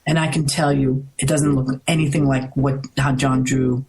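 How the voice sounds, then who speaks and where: A middle-aged woman from the United States, a guest in an interview, telling a story in an animated, rambling way, restarting often. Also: a bass voice, moderate pace, husky, low-quality recording. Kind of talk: casual storytelling.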